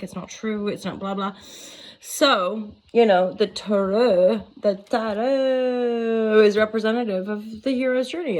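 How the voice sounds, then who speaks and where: A woman in her forties, a tarot reader, rambling playfully in a casual vlog, giggling and swearing freely. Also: on the high side. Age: 40s.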